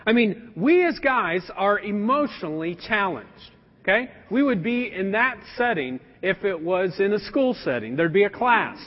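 A man in his thirties preaching a sermon as a pastor, animated and joking with his congregation. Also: sits high, normal speed. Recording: dull sound with long hall reverb.

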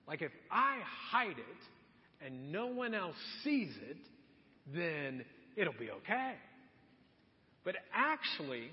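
A pastor with a high voice preaches a sermon in a church sanctuary, animated and conversational, acting out the quotes he cites. The sound is muffled, with a long reverb from the hall.

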